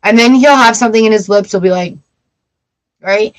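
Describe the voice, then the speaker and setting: A woman's voice: medium pitch, moderate pace, low-quality recording. A young adult woman hosting a live tarot stream, chatting casually and telling funny stories with frequent laughter. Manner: animated storyteller, laughs often.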